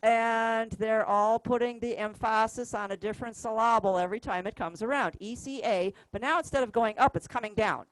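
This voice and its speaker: A woman music teacher leads a class, talking patiently and counting out notes and beats aloud. Her voice sits a little high. The sound is dry and close, with almost no room echo. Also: fairly quick, few pauses. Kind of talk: classroom instruction.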